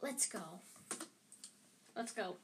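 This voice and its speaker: Woman doing Harry, a hushed tense schoolboy. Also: medium pitch, lively intonation, extremely slow, noisy background. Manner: hushed, urgent.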